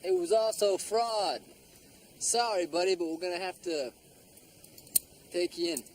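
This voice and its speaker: Laid-back detective, friendly but firm, a bit high-pitched, drama. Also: male voice, unhurried, a little mellow. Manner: easygoing, friendly. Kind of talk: TV drama acting.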